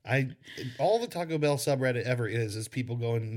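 A man's voice: mid-range voice, brisk, few pauses, a little mellow. A man co-hosting a casual podcast chat, joking in a playful, wry way. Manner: playful, wry, goofy asides. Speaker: podcast co-host.

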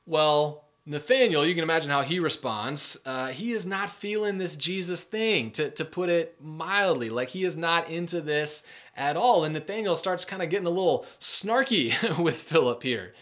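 A young man gives a relaxed, conversational sermon. He retells the story in plain everyday speech and slips into lively quoted voices for its characters. His voice sits a little on the high side for a man. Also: normal speed. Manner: conversational, animated, acts out quoted voices with filler words. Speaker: pastor.

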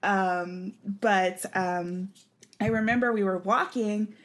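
A woman's voice: medium pitch, level tone, slow pace. A young woman co-hosting a podcast in casual chat. She tells her story in a loose, rambling way, with plenty of fillers and frequent laughter. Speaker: podcast co-host.

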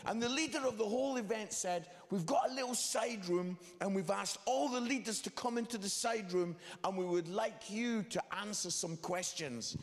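A man's voice: sits high, normal speed, few pauses. A man preaching a sermon to a room of students, telling funny stories and acting out the voices in them. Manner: animated, acts out voices in his stories. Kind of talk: sermon with comic storytelling. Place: large hall. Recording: long hall reverb.

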